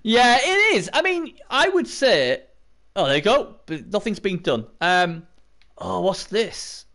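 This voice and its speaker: A man's voice: high voice, sing-song, slow pace, bright, forceful tone. A man giving casual live-stream commentary on a tabletop sports video game, rambling and chatting to viewers between points.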